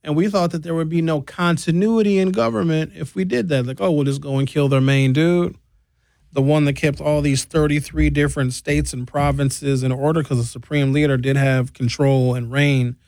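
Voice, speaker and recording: A man's voice: on the high side, steady tone, moderate pace, gravelly, hardly any pauses, a little mellow, no echo. A man giving a blunt, sarcastic comedic political rant.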